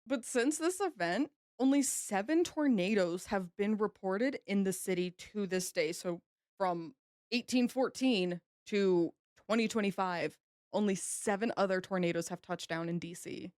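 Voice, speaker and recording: A woman's voice: mid-range voice, unhurried, a little mellow, dry recording, clean studio sound. A woman co-hosting a podcast, telling history in a chatty, easygoing way and laughing easily. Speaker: podcast co-host. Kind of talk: casual history podcast chat.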